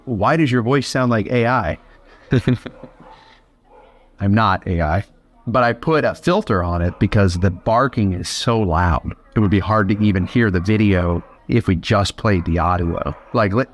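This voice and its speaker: A man speaking softly and patiently to calm a scared shelter dog, his voice run through a noise filter that makes it sound artificial. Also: lowish voice. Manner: soft, reassuring, patient. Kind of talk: gentle talk to a frightened dog, vlog.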